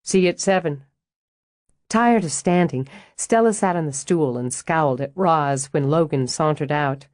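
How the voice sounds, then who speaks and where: A woman narrating an audiobook in an even, measured reading on a close studio mic. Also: low voice, dry recording.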